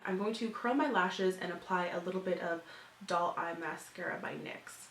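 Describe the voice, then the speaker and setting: In a roomy, echoey recording with slight hiss or hum, a twenties-aged woman talks at normal speed in a lowish, somewhat bright voice. She's an upbeat beauty vlogger, chattering through a makeup tutorial and leaning heavily on fillers.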